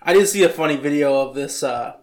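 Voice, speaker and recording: A man's voice: a little high, brisk, slight background noise. A man co-hosting a casual podcast, mostly giving short replies and now and then telling a brief story. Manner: laid-back listener, short replies, brief anecdotes. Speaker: podcast co-host. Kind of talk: casual chat.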